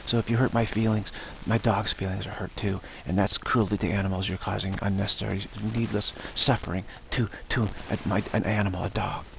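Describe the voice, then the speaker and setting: A man's voice: lowish voice, creaky, a little hiss or hum, low-quality recording. A male yoga teacher giving a rambling spiritual talk, emphatic and full of repetition. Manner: emphatic, repeats himself.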